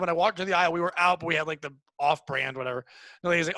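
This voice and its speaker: Comedian host: man, high bright voice, animated storytelling, dry booth sound. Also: rapid-fire, dry recording. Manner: animated storyteller acting out quoted people. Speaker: podcast host. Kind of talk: casual comedic chat.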